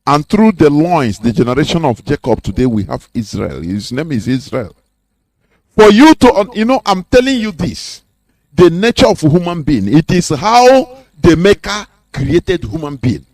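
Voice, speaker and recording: A man's voice: fairly high pitch, very animated, normal speed, a little mellow, no echo. A man giving an impassioned, preachy radio talk full of rhetorical questions. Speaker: radio host.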